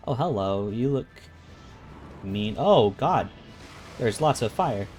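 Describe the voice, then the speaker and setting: A man's voice: mid-range voice, lively intonation, slow pace, darkish tone. A man streaming a video game, chatting casually, musing aloud and reading game lines. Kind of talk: casual let's-play commentary. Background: game music.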